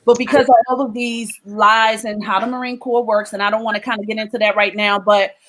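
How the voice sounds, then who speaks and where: A woman from Maryland giving an emotional personal testimony of her faith, often pausing with "um" and "right?". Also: a little high, flat delivery, a bit bright, poor audio. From Maryland, USA. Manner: emotional storytelling with frequent "um" and "right?".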